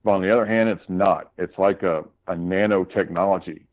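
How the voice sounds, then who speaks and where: A man's voice: low-pitched, steady tone, a little fast, phone-quality sound. A male guest casually recounting his run-ins with doctors in a heated, profane way. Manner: heated, profane retelling of arguments. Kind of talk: casual storytelling.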